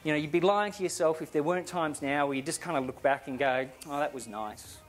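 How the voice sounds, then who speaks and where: A middle-aged Australian man speaks from a conference stage in a slightly high voice. His talk is casual and self-deprecating, dotted with ums and you-knows. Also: fast, background noise. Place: conference hall.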